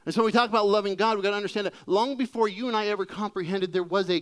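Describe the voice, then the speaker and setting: A man's voice: high-pitched, fairly even intonation, rapid-fire, few pauses, smooth. A man preaching a sermon in a conversational, humorous storytelling way. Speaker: pastor.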